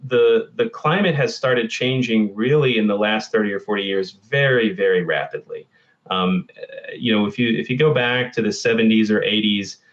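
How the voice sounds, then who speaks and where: A man's voice: fairly low pitch, muffled recording. A man answering interview questions about the climate, thoughtful and hesitant with many fillers. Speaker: climate scientist guest. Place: Texas.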